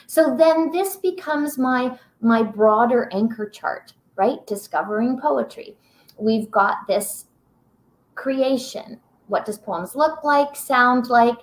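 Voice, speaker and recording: Slow, encouraging woman teaching a webinar. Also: fairly high pitch. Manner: warm, encouraging, reads poems slowly aloud. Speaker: teacher-educator presenting a webinar.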